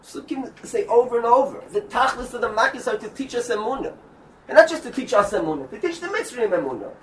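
High-pitched rabbi w telling a torah story, halting restarts, mic far off. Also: male voice, expressive, a bit bright. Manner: storytelling, mixing Yiddish and Hebrew terms, with halting restarts. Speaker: rabbi teaching a Torah class. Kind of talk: Torah lesson. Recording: distant mic with faint background noise.

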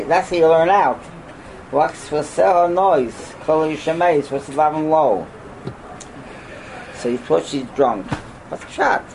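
An older man teaching a Torah class as a rabbi, animated, firing off rhetorical questions and breaking into sudden loud outbursts. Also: on the high side, slight background noise, poor audio.

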